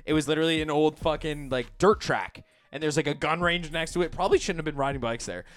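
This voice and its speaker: A man's voice: fairly high pitch, fast, no echo. Laughing Canadian podcast co-host, man. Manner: joking, laughs often, tells rambling anecdotes. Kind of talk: casual banter.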